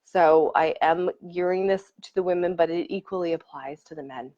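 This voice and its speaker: A woman with a fairly low voice leads a live online workshop, speaking casually and warmly to her viewers. The stream audio sounds a little dull and lo-fi. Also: moderate pace. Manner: warm and effusive, reads and greets commenters.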